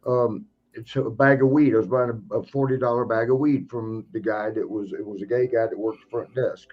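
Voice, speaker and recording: A man's voice: mid-range voice, brisk, highs cut off. A man telling wrestling stories in casual podcast chat, laughing often and acting out the people in them. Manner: laughing, animated storyteller acting out other people. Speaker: podcast guest, retired wrestler.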